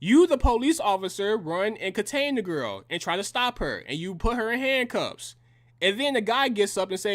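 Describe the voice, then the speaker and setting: A man's voice: high-pitched, big pitch swings, normal speed, fairly bright tone. A young man delivering a heated, profane and combative reaction rant in slangy language. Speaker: reaction commentator.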